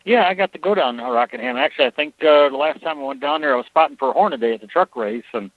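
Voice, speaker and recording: A man calling in as a guest, relaxed and laid-back, teasing the hosts. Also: medium pitch, fast, no room sound, narrow, tinny audio. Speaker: guest on phone. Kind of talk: casual phone interview.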